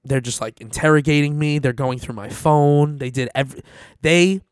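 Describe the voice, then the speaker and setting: Profane, animated man telling a story. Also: fairly high pitch, moderate pace, clear, resonant tone, dry recording, studio quality. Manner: swears a lot, animated retelling. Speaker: storyteller guest. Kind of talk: casual chat, profane storytelling.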